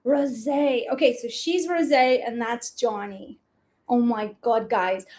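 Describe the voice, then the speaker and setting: A woman's voice: on the high side, steady tone, takes it slowly, darkish tone. A woman teaching a live online class from her home kitchen, bubbly and gushing, laughing often. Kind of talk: live-streamed class, casual and chatty.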